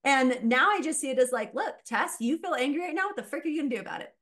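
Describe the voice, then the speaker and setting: Woman mindset coach on a podcast, kinda high voice, lively, laughs a lot. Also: fast. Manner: animated, laughs often, acts out quoted voices. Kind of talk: casual podcast conversation.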